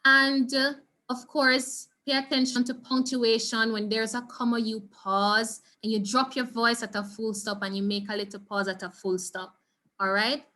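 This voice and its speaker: A Jamaican woman leads an online revision lesson over a video call. Her voice sits high and sounds bright and clear. She explains step by step and keeps checking that her students follow. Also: flat delivery, moderate pace. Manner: patient, instructive, checks in with "all right?". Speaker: Spanish teacher.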